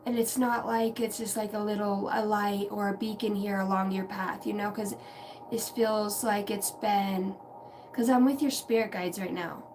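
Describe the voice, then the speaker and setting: A woman's voice: mid-range voice, fairly even intonation, normal speed. A woman hosts an intuitive reading livestream, drifting from thought to thought in a reflective, chatty way with the odd curse word. She sits some distance from the mic. A faint hum of background noise lingers under her voice. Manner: meandering, reflective, casually profane. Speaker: tarot and intuitive reader.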